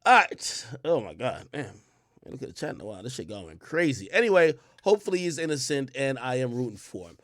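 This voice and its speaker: A man's voice: medium pitch, big pitch swings, brisk, fairly bright tone, no room sound, clean studio sound. A young man hosting a livestream, ranting casually and heatedly, full of profanity and rhetorical questions. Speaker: livestream host.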